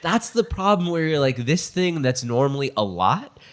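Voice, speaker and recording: A man's voice: fairly high pitch, very animated, normal speed. A man chatting as a podcast guest, grumbling in a dry, self-deprecating way. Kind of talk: casual chat.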